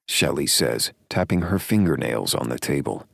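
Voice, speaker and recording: A man narrating a romance audiobook in the first person, in a measured, wry way. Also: rumbling low, expressive, vocal fry, a bit bright, husky, no room sound, clean studio sound.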